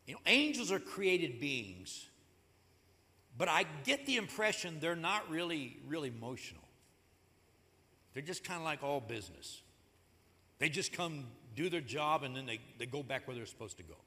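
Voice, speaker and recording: A man preaching a sermon in a church, conversational and animated, acting out the stories as he goes. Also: on the high side. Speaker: pastor. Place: church sanctuary. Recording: echoey hall.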